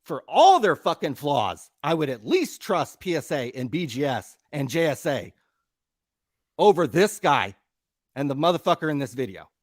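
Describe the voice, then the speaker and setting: A man's voice: a little high, big pitch swings, moderate pace, dry recording, studio quality. A man co-hosting a live show, ranting with heavy profanity and emphatic, worked-up conviction. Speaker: podcast co-host. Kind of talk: heated live-stream rant.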